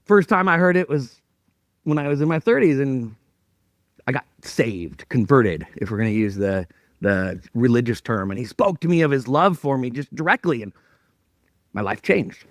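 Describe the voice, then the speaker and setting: A male pastor telling a personal story in a sermon, animated and self-mocking as he acts out his own thoughts. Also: medium pitch, normal speed, dry recording, clean studio sound.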